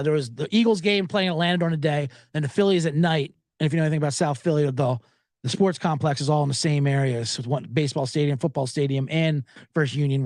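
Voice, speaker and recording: A man hosts a podcast, rambling through a profane story. His voice sits high and swings widely in pitch. The close mic sounds dry, with no room echo. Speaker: podcast host. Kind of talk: casual storytelling monologue.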